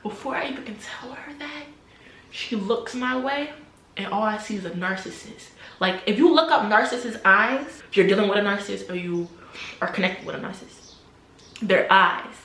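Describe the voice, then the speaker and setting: A young adult woman telling a personal story to camera in a casual, animated way, repeating phrases and sometimes dropping to a near-whisper. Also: mid-range voice, normal speed, roomy sound. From New Jersey, USA. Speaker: vlogger.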